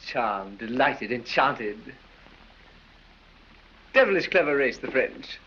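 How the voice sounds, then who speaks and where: An actor playing a silly, foppish English aristocrat dandy who drawls, giggles and dithers, in 1930s film acting. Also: male voice, medium pitch, very animated, slow pace, sharp tone, exaggerated voice. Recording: dull old film soundtrack with hiss.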